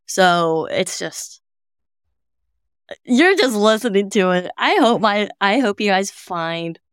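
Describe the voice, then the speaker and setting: Young female podcast co-host, casual and rambling, middle pitch, dead-dry sound. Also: animated, clear, resonant tone, no echo. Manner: chatty, fast bursts, frequent "like". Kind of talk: casual chat.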